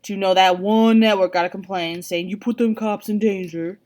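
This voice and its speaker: A woman's voice: mid-range voice, steady tone, normal speed, darkish tone, slight background noise, close to an everyday voice. A woman reading aloud, voicing a blunt, protective father who talks in a casual, plainspoken way.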